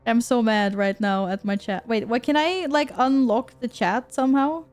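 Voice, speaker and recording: A bubbly woman with a bright, high voice chats casually with her viewers while she plays, laughing often and reacting out loud. Faint game music sits underneath. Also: moderate pace. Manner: bubbly, giggly, talks to chat. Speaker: game streamer. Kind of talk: casual live-stream chat.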